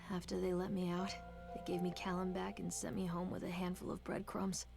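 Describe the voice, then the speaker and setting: A woman's voice: on the low side, completely flat delivery, brisk, vocal fry. An actress voicing a haunted, grieving young mother in a horror game, narrating in a somber, reflective way. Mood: mournful. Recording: game narration with music behind.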